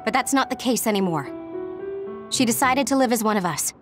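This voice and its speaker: A woman's voice: fairly high pitch, lively intonation, fairly quick, natural voice. A woman voicing a confident outspoken young woman. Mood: firm. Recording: game audio with music behind.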